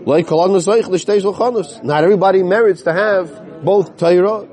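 A man teaching a Talmud class to listeners in a study hall. He reads the Aramaic text slowly, then explains it in plain English, sometimes losing his place and starting again. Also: high voice, darkish tone, soft background music. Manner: loses his place at times and restarts.

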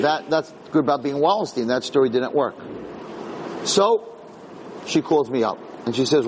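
A man in his sixties, a rabbi, telling a self-deprecating childhood story in a lively lecture, often repeating phrases. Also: fairly high pitch, normal speed, pauses often, slight background noise, poor audio. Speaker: rabbi giving a Torah talk.

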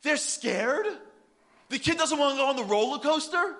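A man giving a humorous sermon, animated and telling stories. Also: very high voice, normal speed. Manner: animated, comic, storytelling. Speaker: speaker.

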